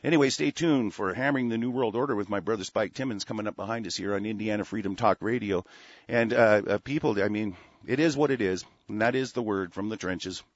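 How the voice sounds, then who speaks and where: A man's voice: fairly low pitch, fairly quick, muffled recording. A man hosting a talk radio show, delivering a rambling, profane, heated monologue.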